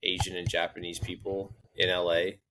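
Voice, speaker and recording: A man's voice: sits low, level tone, normal speed, sharp tone, a little hiss or hum. A man co-hosting a golf podcast, chatting casually and telling stories in a rambling way with many restarts. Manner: rambling, lots of restarts and fillers, storytelling. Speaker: podcast co-host. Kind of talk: casual chat.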